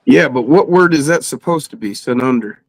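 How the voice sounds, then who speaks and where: A man's voice: mid-range voice, lively intonation, normal speed, dry recording, rough recording. A man joining a casual chat on a livestream, making dry, teasing remarks.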